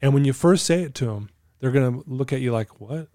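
A man's voice: mid-range voice, fairly quick, mellow, dry recording, studio quality. A middle-aged man sharing parenting advice in a casual podcast chat, earnest and coaching. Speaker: podcast guest.

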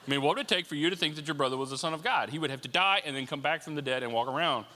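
A man preaching a sermon as pastor, conversational and animated, acting out little asides. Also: on the high side, very fast, in a large hall.

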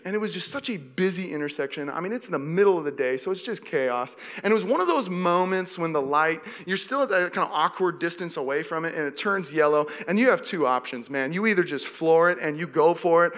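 A man's voice: fairly high pitch, a bit bright. A young man from the Seattle area preaching a sermon as pastor, telling a story vividly and acting out his own panic. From Seattle area, USA. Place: church hall. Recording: long reverb of a church hall.

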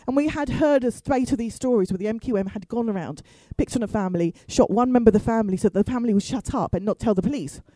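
A woman's voice: on the high side, fast, hardly any pauses, mellow, no room sound, rough recording. A woman stand-up comedian telling a story with wry asides and free swearing. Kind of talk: comic storytelling.

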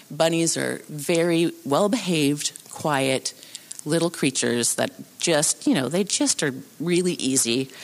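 A woman telling a true story live on a theatre stage into a microphone, animated and acting out the voices of the people in it. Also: low-pitched. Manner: animated, acts out voices and sounds.

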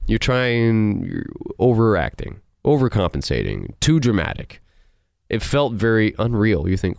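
A man hosting a movie review show, ranting in an animated, sarcastic and incredulous way. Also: fairly low pitch, unhurried, gravelly, no room sound, clean studio sound. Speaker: host.

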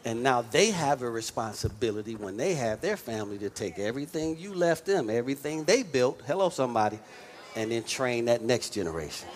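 A male pastor delivering a lively sermon, stressing points and calling out to the congregation for response. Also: mid-range voice, brisk. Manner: emphatic call-and-response preaching.

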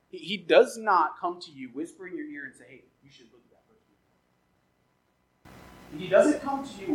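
A man delivering a sermon from the pulpit, bright and forward in tone with a husky edge. He talks animatedly and slips into quoted voices to make his points. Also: on the high side, rough recording. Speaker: pastor.

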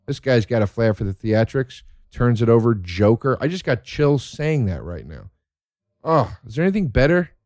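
A man's voice: medium pitch, sing-song, moderate pace, darkish tone, no echo, studio quality. A man telling rambling, profane stories in a casual monologue, easily worked up about the things he loves.

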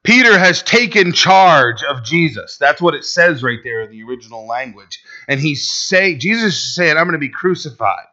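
A male pastor preaching a sermon, swinging between loud and hushed delivery and acting out quotes. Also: on the high side, big pitch swings, moderate pace, hardly any pauses, muffled recording.

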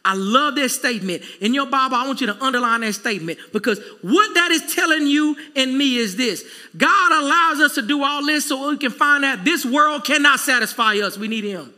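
A man preaches a sermon, chatting easily and then pushing up to emphatic peaks. His voice sits very high and sounds sharp and bright, with long reverb trailing behind it. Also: animated, fairly quick. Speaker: pastor.

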